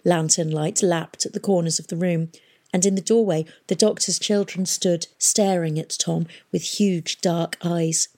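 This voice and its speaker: A woman reading an audiobook in measured, unhurried narration. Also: fairly low pitch, steady tone, darkish tone. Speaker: audiobook reader.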